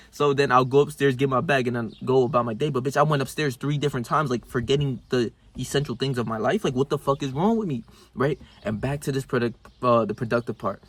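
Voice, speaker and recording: A young man tells a rambling personal story straight to the camera, with constant slang and profanity. His voice sits in an ordinary middle pitch, and it jumps up and gets louder whenever he acts out what he and his friends said. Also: quick pace, breathy edge, dry recording. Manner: slangy, profane, animated when reenacting scenes. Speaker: self-improvement vlogger. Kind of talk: casual storytelling monologue.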